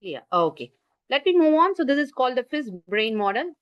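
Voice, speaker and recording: A woman's voice: high-pitched, big pitch swings, fairly quick, no echo. A woman with an Indian English accent giving an online parenting class over a video call, explaining with gestures and asking listeners to type in the chat. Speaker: parenting workshop speaker. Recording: muffled lo-fi video call audio.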